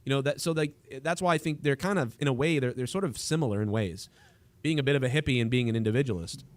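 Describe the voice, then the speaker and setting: A man's voice: medium pitch, quick pace. A man hosting a livestream in casual chat, rambling with frequent restarts and trailing thoughts. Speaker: livestream host.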